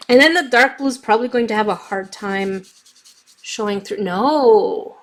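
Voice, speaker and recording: A woman's voice: on the high side, moderate pace, a bit bright, a little hiss or hum. Chatty young woman on a craft livestream. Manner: chatty, reads out viewer comments while testing paint markers. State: coughing, recovering from bronchitis. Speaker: craft YouTuber reading live chat. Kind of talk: casual livestream chat.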